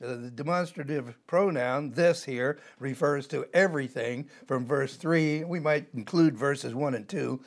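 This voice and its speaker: A man's voice: medium pitch, unhurried, few pauses. An older man teaching a Bible passage verse by verse, explaining word by word and wandering into side topics with many "uh" fillers. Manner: digressive, explanatory, frequent "uh" fillers.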